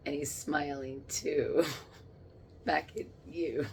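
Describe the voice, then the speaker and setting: A woman speaking in a halting, emotional monologue as she channels spirits, moving between soft murmurs and sudden exclamations. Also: low voice, steady tone, a little hiss or hum.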